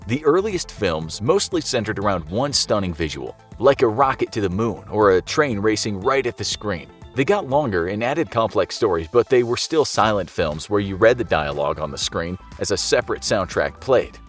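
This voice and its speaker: Man narrating over soft music. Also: on the low side, sing-song, normal speed, hardly any pauses. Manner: conversational, asks rhetorical questions. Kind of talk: scripted explainer narration. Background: soft background music.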